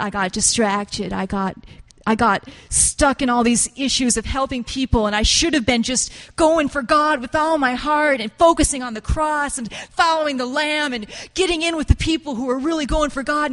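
A woman's voice: high-pitched, normal speed, a bit bright. A woman voicing a dying old wise man who blames himself, lamenting in a sermon story. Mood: grieving. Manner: lamenting, self-reproaching.

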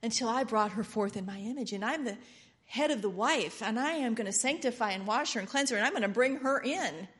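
An earnest, determined bridegroom speaks with steady resolve as a woman preacher voices him in her sermon. His lines come with emphasis, in a slightly high voice. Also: a little fast.

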